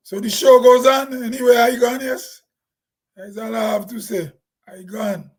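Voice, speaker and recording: A man's voice: very high-pitched, steady tone, a little slow, husky, low-quality recording. A Grenadian man talking plainly in a casual, rambling vlog monologue, laughing to himself now and then. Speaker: vlogger.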